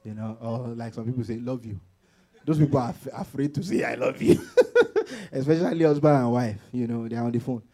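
A man preaching a sermon as pastor, animated, laughing often and acting out quoted voices. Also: medium pitch, fairly quick, hardly any pauses.

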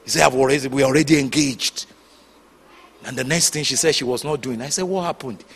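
A man preaching a sermon, telling stories with sudden shouts and hushed asides. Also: mid-range voice, a little fast, slight background noise. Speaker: pastor.

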